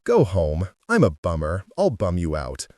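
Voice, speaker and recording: A man's voice: lowish voice, wildly swooping pitch, a little slow, darkish tone, breathy edge, dry recording, clean studio sound, full character voice. A man voicing a grouchy, sour teenage girl in an audiobook story. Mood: sulky. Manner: sour, sulky.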